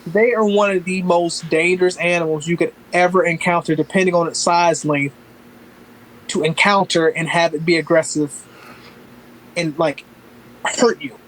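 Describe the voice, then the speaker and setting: A man from Northeast Florida, a podcast guest telling stories in a relaxed, casual way with lots of fillers. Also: fairly high pitch, moderate pace, long pauses, a little hiss or hum, low-quality recording. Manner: relaxed storytelling with many fillers. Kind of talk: casual conversation.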